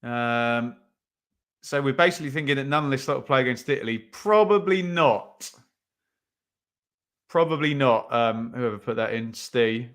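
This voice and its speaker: A man's voice: mid-range voice, fairly even intonation, fairly quick, fairly bright tone. A young man hosting a live football watch-along stream, chatting with viewers, reading out their comments and often saying um. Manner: chatty, reads out chat comments, many ums.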